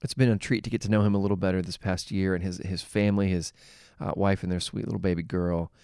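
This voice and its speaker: A man's voice: low-pitched, fairly even intonation, fast talker, vocal fry, clean tone, no echo. A man hosting a podcast, talking in a chatty, easygoing way with fillers in a studio. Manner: warm, chatty, filler words. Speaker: podcast host. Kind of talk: scripted podcast intro and casual interview. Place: recording studio.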